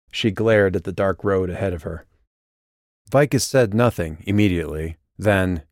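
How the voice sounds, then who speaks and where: A man reading his novel aloud in measured audiobook narration. His voice is very deep, and the close microphone leaves the sound dry, with no room around it. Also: no echo. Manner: steady, measured storytelling.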